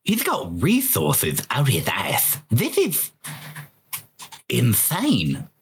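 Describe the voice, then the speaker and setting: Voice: medium pitch, huge pitch swings, extremely slow, slight background noise, exaggerated voice. A tabletop player voicing a drawling adventurer who speaks with a lisp, in a playful, easygoing way. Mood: awed. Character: gruff low-voiced adventurer with a lisp.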